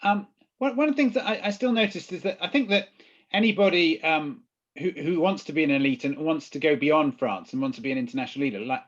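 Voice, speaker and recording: A British man interviewing a guest, asking long, halting questions full of ums and restarts. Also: a little high. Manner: hesitant questions with many ums. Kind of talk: conversational interview. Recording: dull lo-fi audio.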